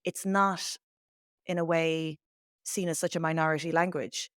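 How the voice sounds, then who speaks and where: A woman with a Dublin Irish accent talks as an interview guest, a teacher who tells anecdotes with energy and slips into the voices of the people she quotes. Her voice sits a little low for a woman. The sound is dry and close, with no room around it. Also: a little slow, clear, resonant tone, no room sound. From Ireland. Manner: animated storyteller, acts out quoted voices. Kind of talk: conversational interview. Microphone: remote call mic.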